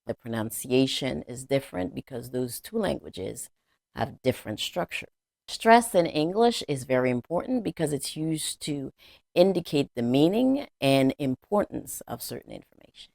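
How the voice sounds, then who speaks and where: Gravelly-voiced man explaining a lesson. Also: medium pitch, darkish tone, no echo. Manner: plain, repetitive explaining with fillers. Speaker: language teacher.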